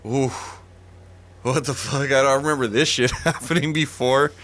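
A man's voice: mid-range voice, steady tone, moderate pace, fairly bright tone. A man in his thirties telling stories in a casual chat, laid-back, swearing and laughing.

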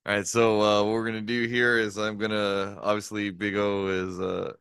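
A man's voice: lowish voice, little pitch movement, moderate pace, gravelly, a bit bright, clean tone, dry recording, studio quality. A man hosting a casual chat, telling rambling anecdotes full of swearing and laughter. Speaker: podcast co-host.

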